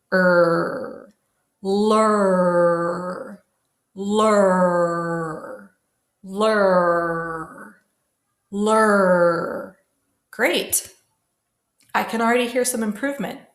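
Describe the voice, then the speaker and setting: A woman teaching a classroom pronunciation lesson, modelling sounds slowly and carefully for students to repeat. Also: mid-range voice. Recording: echoey room.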